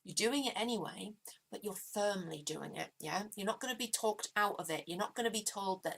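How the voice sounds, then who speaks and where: A woman hosts a live tarot stream and talks straight to her viewers. She sounds chatty and encouraging, with a bright, clear edge to her voice. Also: mid-range voice, moderate pace, slight background noise.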